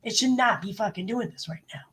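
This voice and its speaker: A woman live streamer, sick with a bad cold and clearing her throat, chatting bluntly and swearing freely as she greets her viewers. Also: medium pitch, fast, a bit bright. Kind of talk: casual livestream chat.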